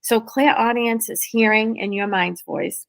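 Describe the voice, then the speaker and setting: A woman, a spirit medium guest, talking casually and quickly in an interview, explaining in a lively, flowing way. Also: on the high side, creaky, no room sound. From New England.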